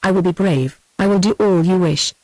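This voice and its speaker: A synthetic woman's voice with a British accent reading the lines of a distraught young peasant girl in an even, plain manner. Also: lowish voice, fairly quick, no room sound, natural voice, rough recording.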